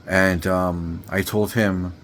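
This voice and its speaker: A man's voice: sits low, little pitch movement, slow, fairly bright tone, slight background noise. A man telling a story in a rambling, laid-back way, full of slang and fillers. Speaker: vlogger. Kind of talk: casual storytelling to camera.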